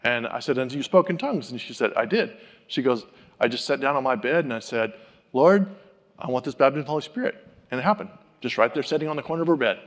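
A man preaching a sermon, telling personal stories and acting out the people he quotes in an animated way. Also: mid-range voice, quick pace, big-room sound. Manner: animated, acts out quoted voices. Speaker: pastor. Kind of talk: sermon storytelling.

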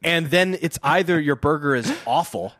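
A man co-hosting a casual podcast, reading a book aloud and joking about it in a wry, animated way. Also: a little high, moderate pace, dry recording, studio quality. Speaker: podcast co-host.

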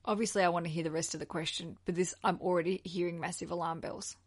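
A woman's voice: fairly low pitch, fairly even intonation, fast talker. A woman in her thirties with an Australian accent, hosting a podcast in a chatty, effusive way. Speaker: podcast host. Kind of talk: casual podcast chat.

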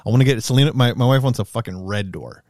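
A man's voice: mid-range voice, quick pace, a little mellow, dry recording, clean studio sound. A man in his thirties telling stories in casual, profane chat and acting out quotes as he goes. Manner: profane, storytelling, acts out quotes.

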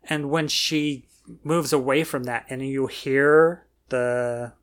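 A podcast co-host in casual chat, relaxed and agreeable, often backing up the other host. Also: mid-range voice, slow pace, clear, resonant tone. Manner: relaxed, agreeable, frequent affirmations.

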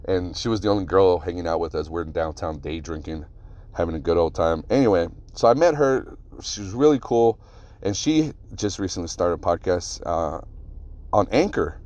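A man hosting his own podcast, telling rambling, profane stories in a casual, animated way. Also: low voice. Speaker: podcast host. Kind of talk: casual solo podcast storytelling.

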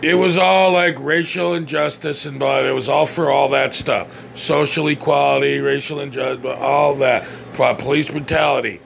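Gravelly, profane man ranting. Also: mid-range voice, fairly even intonation, moderate pace, hardly any pauses, a little hiss or hum. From United States. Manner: profane, blunt, stammers and restarts. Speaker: podcast host. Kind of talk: opinionated podcast rant.

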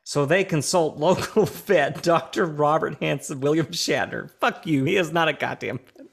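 A man's voice: on the high side, moderate pace, gravelly, breathy edge. A young man co-hosting a podcast, tipsy, rambling and swearing as he reads a plot synopsis and laughs often. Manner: rambling, profane, laughs often, restarts sentences. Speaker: podcast co-host. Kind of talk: casual chat, reading a synopsis.

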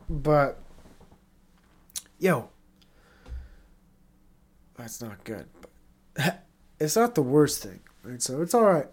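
A congested man hosting his own podcast, rambling in a casual solo monologue, self-critical and swearing often. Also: on the high side. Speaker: podcast host.

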